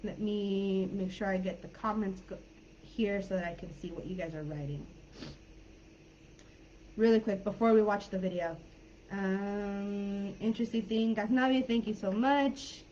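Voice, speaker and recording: A woman's voice: mid-range voice, fairly even intonation, unhurried, dark tone, lo-fi sound, slight background noise. An American woman from California teaching a live online English class in a chatty, informal way, with many fillers and hedges. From California, United States.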